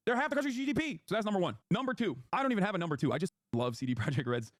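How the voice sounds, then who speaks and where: Male streamer, high voice, quick fire, animated and profane rants, dry close sound. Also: dry recording. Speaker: streamer host. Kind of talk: casual stream chat.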